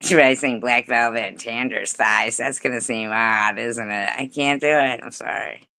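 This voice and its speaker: A woman hosts a casual livestream, giggling often, swearing freely and slipping into playful snatches of song. Her voice is rumbling low yet bright and forceful, steady at normal speed, and the recording is dry.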